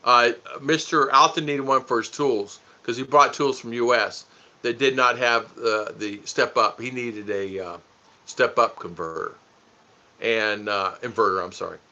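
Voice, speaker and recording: A man's voice: mid-range voice, steady tone, a little slow, pushed and bright. A man hosting a casual livestream, joking, teasing and laughing as he answers viewer comments. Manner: goofy, teasing, laughs often. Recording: dull lo-fi stream audio.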